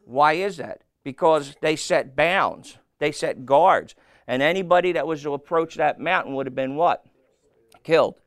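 A man's voice: a little high, no room sound. A man preaching a sermon, asking his congregation questions and answering them himself. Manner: slow, call-and-response questions to the congregation.

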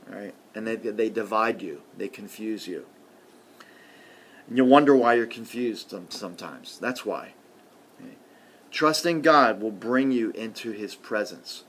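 A man preaching a sermon in a conversational way, often adding "see" and "okay", and swinging from loud emphasis to quiet murmurs. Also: on the low side.

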